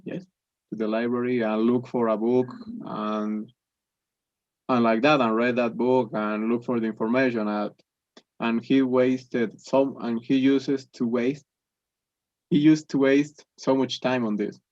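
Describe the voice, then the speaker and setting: A young man with Spanish as his first language works through his answers in careful, halting English, restarting phrases often. His voice sits at a middle pitch. The sound is dry and close but dull, like lo-fi online call audio. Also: a little mellow, no echo. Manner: hesitant, many restarts and fillers. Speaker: English student. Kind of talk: conversation practice.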